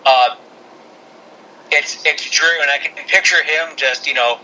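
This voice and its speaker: A man's voice: fairly high pitch, a little slow, sharp tone, a little hiss or hum, poor audio. A man co-hosting a podcast, chatting in a playful, jokey way with some hesitant restarts. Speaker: podcast co-host. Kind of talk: casual wrestling chat.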